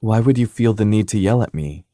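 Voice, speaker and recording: A man voicing a shaken young woman in an audiobook, speaking earnestly and softly. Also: on the low side, animated, fairly quick, no echo, clean studio sound, pitched above the performer's own voice, natural voice. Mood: shaken, tender. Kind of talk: audiobook character voice.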